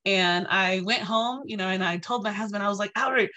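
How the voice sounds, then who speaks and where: A woman in her thirties speaks to an audience as a guest lecturer, telling a personal story in an animated, conversational way. Her voice is bright and forceful, and she keeps checking in with her listeners with a quick "right?". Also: medium pitch.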